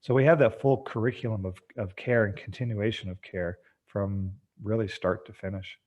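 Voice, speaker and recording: A man speaking as a podcast guest, an energetic storyteller who acts out bits of dialogue. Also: on the low side, normal speed, highs cut off. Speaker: guest, treatment center founder. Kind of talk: podcast interview.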